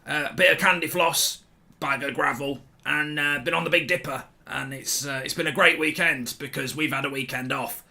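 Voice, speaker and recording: A man's voice: a little high, fairly even intonation, normal speed, gravelly, bright, forceful tone, heavily acted. A man putting on the voice of a carefree young male footballer who rambles chummily in slang. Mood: cheerful. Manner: rambling, slangy, laid-back.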